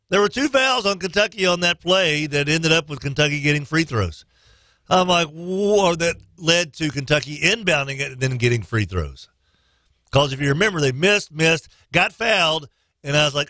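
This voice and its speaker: A man hosting a casual sports talk radio show, excitable, reading listener texts and jumping into high shouted impressions. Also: moderate pace, no echo.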